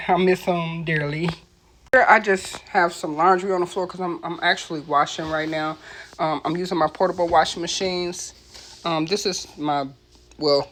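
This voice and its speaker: A middle-aged woman casually showing viewers around her small apartment, chatting with lots of ums and calling them y'all. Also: fairly low pitch. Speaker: vlogger giving a home tour. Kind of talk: casual home tour vlog. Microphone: handheld phone camera.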